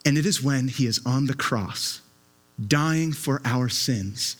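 A man's voice: mid-range voice, takes it slowly. A man preaching a sermon with an impassioned, emphatic delivery, often repeating his words as he presses a point.

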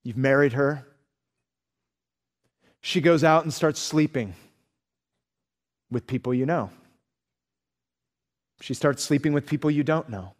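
A man's voice: a little high, takes it slowly, long pauses. Earnest male preacher in a reverberant hall. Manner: earnest, animated storytelling. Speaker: pastor. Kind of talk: sermon.

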